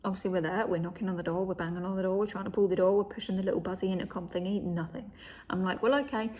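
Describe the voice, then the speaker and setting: A woman's voice: fairly low pitch, level tone, rapid-fire, dark tone. A young woman casually telling a story, swearing freely and acting out what people said, often dropping to a whisper. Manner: chatty, swears, acts out quoted dialogue, often drops to a whisper. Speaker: vlogger.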